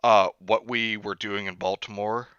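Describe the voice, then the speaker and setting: A man hosting a stream, telling anecdotes in a casual, animated way and acting out quotes. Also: on the low side, a little slow, clean tone, no echo, highs cut off. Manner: animated storyteller, acts out quotes. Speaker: streamer host. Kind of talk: casual storytelling chat.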